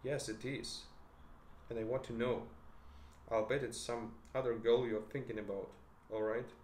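A man's voice: mid-range voice, flat delivery, darkish tone, lightly acted. A man reading as a shy, emotional young woman. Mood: teasing. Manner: reads her lines close to his own voice, halting slips. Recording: echoey room, faint noise.

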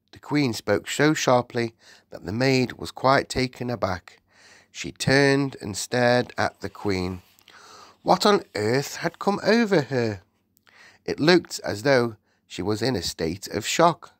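Slow, expressive male storyteller. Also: medium pitch, no echo, studio quality. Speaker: audiobook narrator. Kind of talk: scripted narration.

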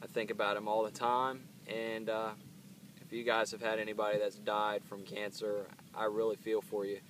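Speaking to camera outdoors, a channel host reviewing hot peppers talks casually and earnestly through the pain of the heat, rambling and using fillers. His fairly low, fairly bright voice is monotone at a moderate pace. A distant mic catches faint outdoor ambience and slight background noise.

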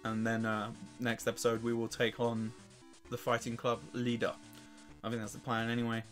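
Narrating his gameplay in a completely flat delivery at normal speed, this English let's play host sounds worn and weakened, yet still curses, laughs, and mocks his opponents. His pitch is ordinary and mid-range, with faint soft music underneath.

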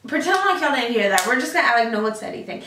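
Young woman, rambling casual vlog chat, bright voice, echoey room off-mic. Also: fairly high pitch, very animated, very fast, distant mic, slight background noise. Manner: rambling, lots of fillers, slangy. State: out of breath. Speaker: vlogger.

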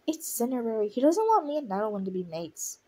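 Insistent young she-cat in a storybook reading, bright and lively, as a woman reader puts her on. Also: on the high side, fast talker.

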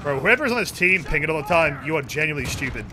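A man's voice: on the high side, big pitch swings, fast talker, crowd noise. A young man streaming a shooter game, chatting casually with profane, joking banter and offhand rants. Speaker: gaming streamer. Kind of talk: casual live gameplay commentary.

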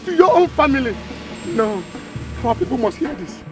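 A man's voice: extremely high pitch, sing-song, moderate pace, music in the background. A man with a Nigerian accent playing an honest uncle who firmly accuses his brother. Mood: outraged. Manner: firm, accusing.

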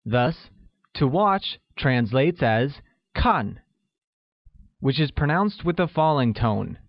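A man reading a scripted language lesson, slowly spelling out each phrase for learners. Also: medium pitch, lively intonation, no echo. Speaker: language teacher. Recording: dull, lo-fi voice-over recording.

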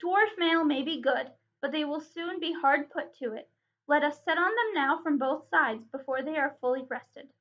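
A woman's voice: high voice, moderate pace, close to an everyday voice. A woman voicing a bold, scornful male leader of archers, reading confidently from a storybook. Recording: dull lo-fi recording.

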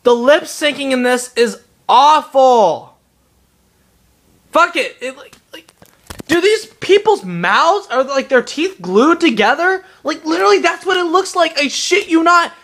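Young adult game reviewer, profane exasperated rant, animated emphatic delivery, sharp bright voice. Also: high voice, measured pace.

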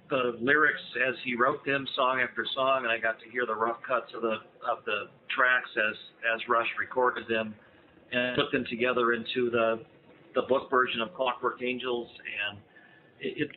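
A man's voice: medium pitch, flat delivery, moderate pace. An American man in his fifties speaks as a guest author in a casual interview. He is enthusiastic and rambling, and he often restarts his phrases. His voice comes through a thin, phone-like line with faint hiss. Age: 50s. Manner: enthusiastic, chatty, many restarts. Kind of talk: casual interview over a call.

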